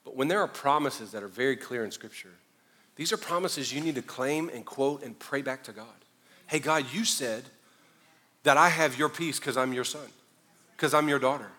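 A man's voice: medium pitch, normal speed, sharp tone, big-room sound. A male pastor preaching a sermon, mixing conversational asides and self-deprecating humor with mounting fervor.

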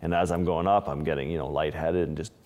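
Male underwater photographer, deep voice, casual storyteller, lingering reverb on the track. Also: steady tone, quick pace, darkish tone, lo-fi sound. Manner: casual, restarts phrases, vivid retelling. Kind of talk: interview storytelling.

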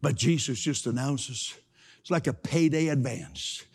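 A man's voice: medium pitch, unhurried, a little mellow, slightly rough, big-room sound. A man preaching a sermon, emphatic, repeating key phrases and asking the congregation to say them with him.

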